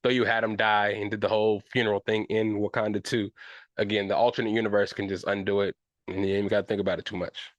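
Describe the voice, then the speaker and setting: A man's voice: on the low side, level tone, fast, dry recording. A man hosting his own podcast, talking loosely and profanely in a rambling casual way, often checking in with "you know what I'm saying". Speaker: podcast host. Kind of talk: casual solo podcast commentary.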